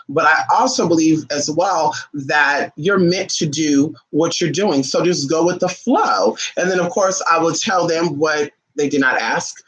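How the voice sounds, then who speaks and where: A man giving spiritual advice on a casual livestream, blunt, profane and animated as he acts out his viewers' questions. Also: a little high, a little slow, hardly any pauses, poor audio.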